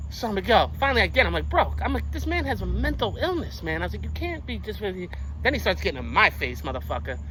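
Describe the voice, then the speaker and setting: A young man telling a story to his viewers in casual street slang, animated and full of swearing. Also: high voice, slight background noise, poor audio. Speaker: vlogger.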